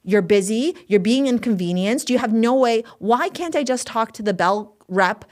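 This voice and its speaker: A woman, a manifestation coach, telling a story in a casual podcast chat, animated and swearing freely. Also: fairly high pitch, normal speed.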